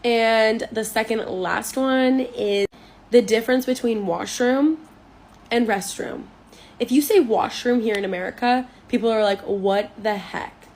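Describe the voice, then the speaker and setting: A woman's voice: fairly high pitch, a little slow, darkish tone. Chatty woman from Canada comparing habits. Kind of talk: casual vlog talk to camera.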